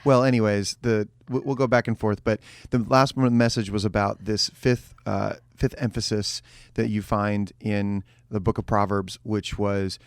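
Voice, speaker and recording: A man's voice: on the low side, fairly even intonation, moderate pace, clean tone, dry recording. A male pastor co-hosting a casual church podcast, his voice still not recovered from the weekend, joking and rambling with restarts. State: voice not recovered, a bit hoarse.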